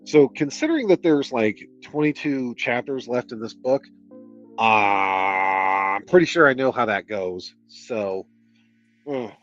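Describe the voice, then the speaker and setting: A man's voice: medium pitch, lively intonation, slow, fairly bright tone. Exasperated man reading a novel aloud. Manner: exasperated, sardonic, swears freely. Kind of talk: book reading with casual commentary. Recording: dull lo-fi audio, faint music.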